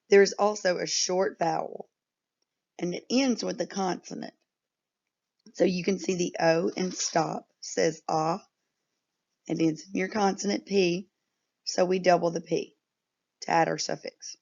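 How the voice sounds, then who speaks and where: A woman teacher leads a patient, unhurried phonics lesson for young children, stretching each word out. Her voice is a little low and has a gravelly edge. The recording sounds dull and lo-fi. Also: steady tone, darkish tone. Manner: patient, instructive, drawn-out words.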